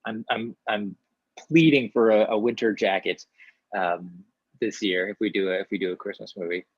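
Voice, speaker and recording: A man's voice: on the low side, breathy edge, dry recording. Chatty man from small-town Ontario. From small-town Ontario, Canada. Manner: chatty, animated, many restarts, quick asides. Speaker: actor guest. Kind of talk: casual interview answers. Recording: dull, dry lo-fi sound.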